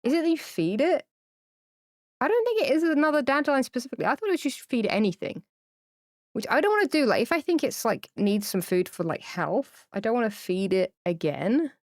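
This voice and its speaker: A woman's voice: a little high, sing-song, brisk, no echo, studio quality. A woman live-streaming a game, talking casually to viewers in a rambling, chatty way with lots of fillers, and gushing tearfully over cute pets. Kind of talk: casual livestream chat to viewers. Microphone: streaming mic, camera off.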